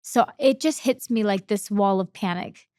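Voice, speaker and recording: A young woman telling a personal story on a podcast, emotional and halting, repeating her words as feeling comes up. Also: mid-range voice, a little mellow, dry recording, clean studio sound. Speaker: podcast guest.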